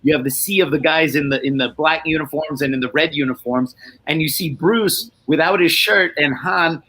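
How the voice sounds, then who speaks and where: A man's voice: a little high, moderate pace, sharp tone, low-quality recording. A man guest explaining film trivia in a casual discussion, telling it as a story.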